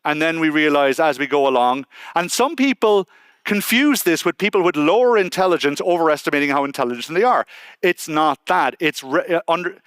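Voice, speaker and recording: On a conference hall stage, an Irish man tells a personal story in a chatty, conversational way, quoting people in lively asides. His voice is on the high side with a clean tone, and the recording is dry.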